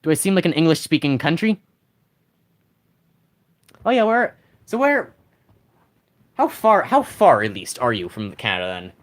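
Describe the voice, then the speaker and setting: A game streamer talks to the chat in a loose, rambling way, often restarting sentences and reading messages aloud. The pitch swings widely and animatedly through each thought. It sounds like a plain desk mic setup. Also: very animated, normal speed, pauses often. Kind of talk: casual live-stream chat.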